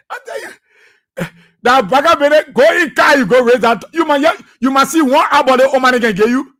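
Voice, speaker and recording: With an extremely high-pitched, fairly bright voice at a moderate pace, a man with a Liberian English accent hosts a political radio talk show. He laughs often, mocks his rivals, and repeats phrases for effect.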